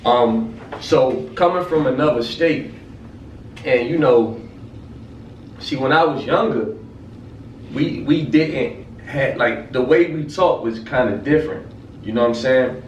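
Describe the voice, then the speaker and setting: A man from the Midwest telling stories in casual, profane talk, jumping up in pitch when he quotes others. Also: unhurried, long pauses, muffled recording. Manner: animated storyteller, profane, jumps up in pitch for quotes. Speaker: vlog host. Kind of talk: casual conversation. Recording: roomy, distant mic with faint noise.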